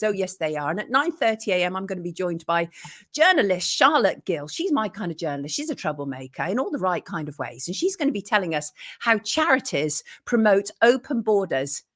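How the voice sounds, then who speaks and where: A woman's voice: mid-range voice, fairly bright tone. A woman hosting a live morning show, chatting and greeting viewers by name. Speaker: host.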